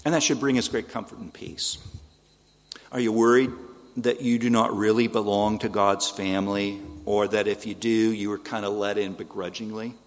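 A man's voice: on the low side, level tone, normal speed, long reverb tail. A man preaching a sermon in an earnest, pleading way, asking the listeners rhetorical questions. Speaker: pastor.

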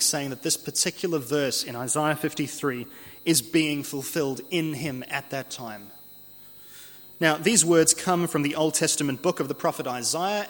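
A man delivers an earnest, expository sermon and slows down deliberately when he reads scripture. His voice sits a little high for a man. It rings with the long reverb of a church hall. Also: a bit bright. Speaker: preacher.

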